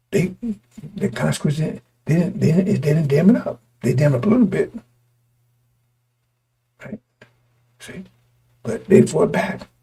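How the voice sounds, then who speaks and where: Hoarse, gravelly male preacher. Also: fairly high pitch, mellow. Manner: repetitive, stop-start, rhetorical questions to listeners. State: voice going hoarse. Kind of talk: street-style sermon to a congregation.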